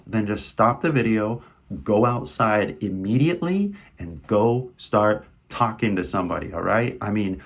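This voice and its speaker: A man with a lowish voice and a Californian accent gives an English lesson straight to camera. He talks emphatically and coaxes the viewer along with frequent questions. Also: lively intonation, normal speed, gravelly. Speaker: English teacher. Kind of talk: direct-to-camera language lesson.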